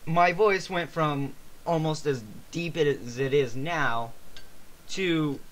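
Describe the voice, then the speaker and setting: A man's voice: fairly high pitch, slow. A young man co-hosting a casual podcast, rambling and swearing, his voice cracking often. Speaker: podcast co-host. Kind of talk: casual chat.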